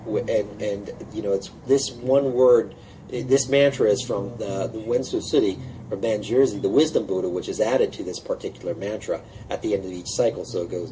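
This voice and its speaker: Man, low voice, mantra teacher, rambling with restarts, slow chanting, distant noisy tape recording. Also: mellow. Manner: rambling, repeats words, slow chanting of syllables. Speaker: meditation teacher.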